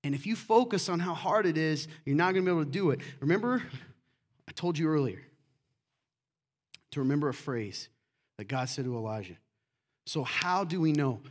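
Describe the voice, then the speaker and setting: A middle-aged man preaching a sermon as pastor, lively and acting out quoted voices. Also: fairly high pitch, normal speed, long pauses.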